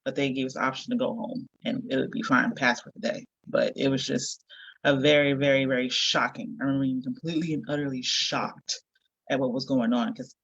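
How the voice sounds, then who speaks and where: A podcast guest telling a personal story in a reflective, halting way. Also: mid-range voice, steady tone, gravelly, fairly bright tone, breathy edge, dry recording, dull audio. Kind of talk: casual storytelling.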